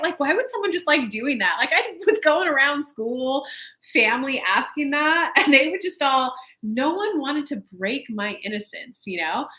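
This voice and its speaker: A woman in her thirties hosting a casual live chat for her viewers, telling stories in an animated way with swearing and laughter. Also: high voice, normal speed. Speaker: spiritual coach and channel host. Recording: echoey room.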